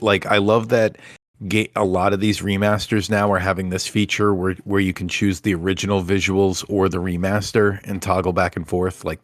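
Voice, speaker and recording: A man co-hosting a casual podcast, talking in a relaxed, rambling, self-deprecating way. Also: low-pitched, dry recording, studio quality. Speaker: podcast co-host. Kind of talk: casual chat.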